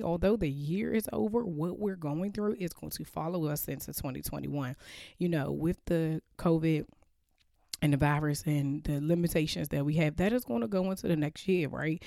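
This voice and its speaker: A woman in her thirties hosting a podcast, chatting earnestly to listeners in a quiet, slightly crackly voice, recorded in a bedroom at home. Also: low-pitched, vocal fry, dry recording, clean studio sound. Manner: open, earnest, filler-heavy, talks quietly to avoid waking others. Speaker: podcast host. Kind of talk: casual chat to listeners.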